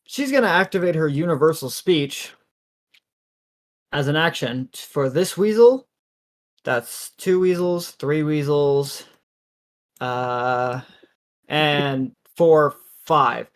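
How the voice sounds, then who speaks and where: A tabletop player describing their character's moves in a loose, casual way. They joke around and swear often, with a lively, animated delivery. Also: medium pitch, slow, long pauses. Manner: profane, joking, animated.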